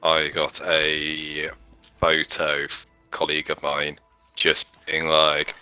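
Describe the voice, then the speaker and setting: Very deep man, sharp timbre. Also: completely flat delivery, takes it slowly, smooth, no echo, soft background music. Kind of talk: casual chat.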